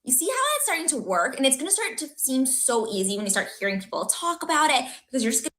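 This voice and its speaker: A woman's voice: high voice, big pitch swings, fast, a bit bright. A woman presenting an instructional video, patiently encouraging the viewer step by step. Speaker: tutorial presenter.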